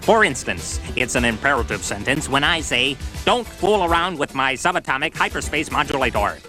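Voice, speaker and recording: Quirky inventor guy lecturing, man doing it, bright voice, lots of ups and downs. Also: mid-range voice, very animated, moderate pace, soft background music. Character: eccentric inventor teaching grammar. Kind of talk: 1980s educational video acting.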